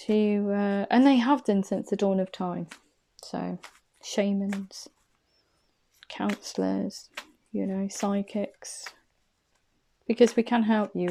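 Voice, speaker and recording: Gravelly-voiced woman giving a tarot reading. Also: mid-range voice, dark tone. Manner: rambling and chatty, laughs often, self-correcting. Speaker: intuitive tarot reader. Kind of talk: casual spoken tarot reading to camera.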